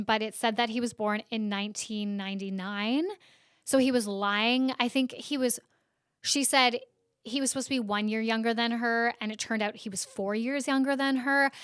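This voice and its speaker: A woman's voice: a little high, a bit bright, clean tone, dry recording, studio quality. A woman hosting a podcast, recapping internet news in a casual, chatty way full of "like" fillers. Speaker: podcast host.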